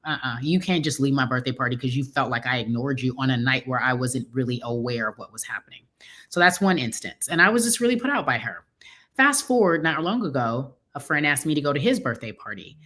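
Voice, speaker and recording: A middle-aged woman co-hosting a casual chat, telling stories and acting out the dialogue of the people in them. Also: deep voice. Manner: animated storytelling, acting out quoted dialogue. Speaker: co-host.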